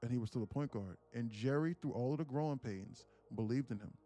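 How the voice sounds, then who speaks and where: A young man tells a story in a loose, profane, animated way. His voice sits at a middle pitch. Soft music plays faintly behind him. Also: brisk. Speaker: day-trading livestream host. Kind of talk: casual storytelling.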